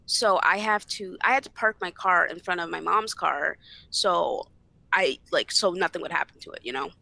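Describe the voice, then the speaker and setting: A woman's voice: on the low side, normal speed, gravelly, sharp tone, dry recording. A young woman guest on a podcast, bluntly retelling a family argument with lots of swearing and acted-out dialogue. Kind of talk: casual storytelling chat.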